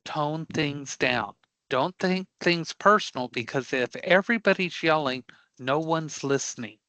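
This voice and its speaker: A man's voice: fairly high pitch, unhurried, sharp tone, dry recording, poor audio. A man teaching a live online career prep class, speaking emphatically and bluntly, often stopping to ask the class if they follow. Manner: emphatic, checks in with frequent rhetorical questions; blunt and dismissive of angry customers.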